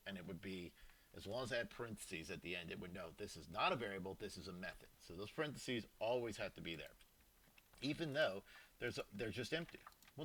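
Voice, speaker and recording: Bright-toned man teaching coding casually. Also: on the low side, a little hiss or hum. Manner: informal, thinks aloud, frequent restarts and asides. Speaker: programming teacher. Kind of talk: casual screen-recorded coding lesson. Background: keyboard typing and clicks.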